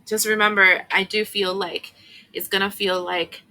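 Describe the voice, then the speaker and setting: A woman with a bright, forceful voice talks through a tarot reading in a loose, chatty way. She fills her talk with fillers and asides and gets emotional along the way. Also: medium pitch, flat delivery, normal speed, rough recording. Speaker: tarot reader.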